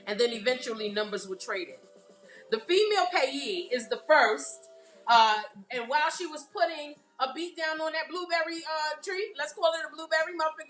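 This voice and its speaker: Brooklyn woman poet, chatty live host who keeps asking the audience "right?", a high voice. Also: pushed and bright, echoey room. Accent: Brooklyn New York. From Brooklyn, New York. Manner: chatty, often checks in with the audience. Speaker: poet hosting a live stream. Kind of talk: casual live-stream talk.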